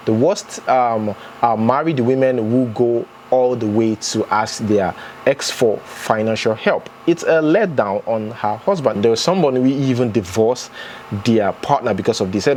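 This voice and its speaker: A man's voice: medium pitch, measured pace, a little mellow, a little hiss or hum. A man hosting a casual commentary vlog, reading posts aloud and reacting in a chatty way. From Nigeria. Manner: chatty, reacts with rising exclamations. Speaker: vlogger host.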